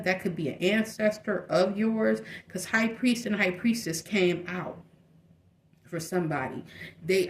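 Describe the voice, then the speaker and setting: A woman giving a casual tarot reading in a blunt, chatty way, with slang and fillers. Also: lowish voice. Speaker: tarot reader. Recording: echoey room with faint noise.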